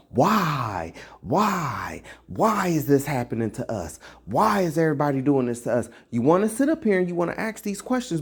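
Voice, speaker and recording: A slow, deliberate speaker preaching a scolding monologue, full of rhetorical questions and repeated lines. The voice leaps up and drops low with lively swings of pitch, mixing scripture talk with casual slang. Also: slightly rough. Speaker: self-styled religious teacher. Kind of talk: impassioned religious monologue to camera.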